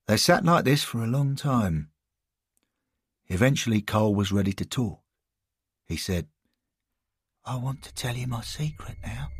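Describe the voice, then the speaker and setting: Low, husky male storyteller. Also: no room sound, studio quality. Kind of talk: scripted story narration.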